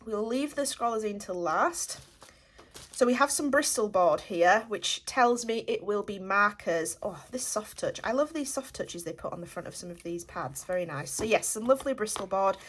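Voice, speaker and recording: A woman's voice: medium pitch, lively intonation, normal speed. Chatty woman unboxing art supplies. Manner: chatty, enthusiastic, often says "very nice". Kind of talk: casual unboxing narration.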